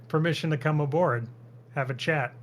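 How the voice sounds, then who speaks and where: A man playing a tabletop game, easygoing and chuckling. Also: a little high. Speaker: player.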